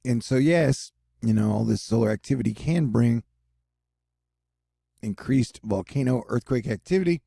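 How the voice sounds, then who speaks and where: Gravelly, relaxed man chatting casually. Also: mid-range voice, no echo, clean studio sound. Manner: laid-back, jokey, slangy with frequent asides. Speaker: solo news video host. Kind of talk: casual talking-head commentary.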